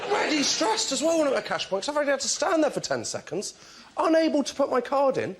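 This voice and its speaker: A man's voice: very high-pitched, wildly swooping pitch, fast talker, a crowd in the background, background noise. A man doing an exasperated stand-up routine on a TV panel show, telling his story in a fretful way. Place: TV studio with a live audience.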